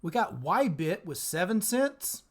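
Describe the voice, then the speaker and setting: A man hosting an investing channel, running through payout figures in casual commentary and breaking into excited exclamations and laughter. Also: high voice, a little slow.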